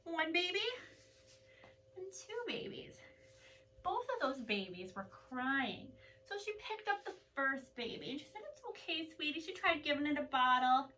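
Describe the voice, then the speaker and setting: Lively high-voiced woman yoga teacher. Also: a little slow, a little hiss or hum. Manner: animated, playful, drops to soft calm voice for mantras. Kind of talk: children's yoga class with storytelling. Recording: voice from a distance off the mic.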